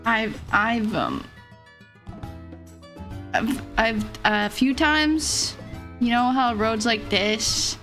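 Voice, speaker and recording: High-voiced giggly young woman streamer. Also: lively intonation, drawn-out words, pauses often, a bit bright, soft background music. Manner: giggly, rambling, laughs often. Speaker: vtuber streamer. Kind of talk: casual chat.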